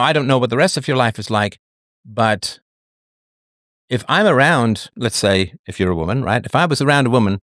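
On the low side, this male host's voice carries an emphatic lecture to a caller, complete with mock-quoted excuses spoken in a raised voice. Clean studio recording without room sound.

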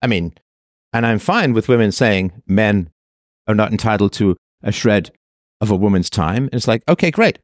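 A man's voice: fairly low pitch, normal speed, no echo, clean studio sound. A man delivering a monologue of commentary in a sarcastic manner, now and then mocking the voices of the people he quotes.

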